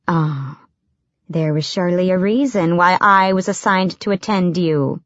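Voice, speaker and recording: A woman's voice: fairly low pitch, a little slow, no room sound, muffled recording, lightly acted. A woman reading as a fussy older servant woman. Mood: fussy, scolding. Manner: scolding, fussy.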